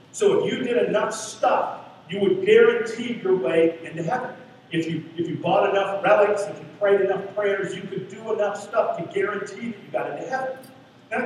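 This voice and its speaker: A male pastor preaching a sermon in a church sanctuary, earnest and questioning, repeating lines for emphasis. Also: sits high. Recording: echoey hall from far off, faint hiss.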